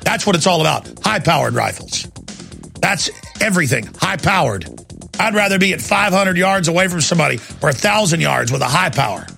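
A man's voice: fairly high pitch, animated, fairly quick, gravelly, pushed and bright, soft background music. A man hosting a talk radio show, ranting emphatically and hammering key words over and over.

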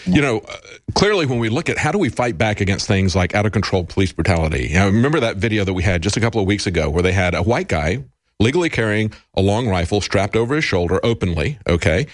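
Man, political talk commentary, earnest and lecturing, lowish voice, dry studio. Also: animated, quick pace, no room sound. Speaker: co-host commentator.

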